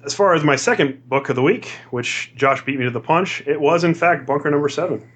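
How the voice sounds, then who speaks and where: A man hosting a casual comics podcast, upbeat and quick to laugh. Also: a little high, fairly bright tone, breathy edge. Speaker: podcast host. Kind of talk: casual podcast chat and ad read.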